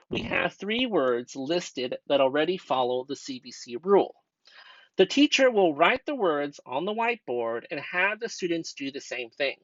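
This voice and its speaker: A young American man, a student teacher, walks his class through a grammar lesson step by step, patiently tossing out rhetorical questions as his pitch bounces up and down. The voice-over sounds dry, a bit bright, and somewhat dull, much like a cheap home recording.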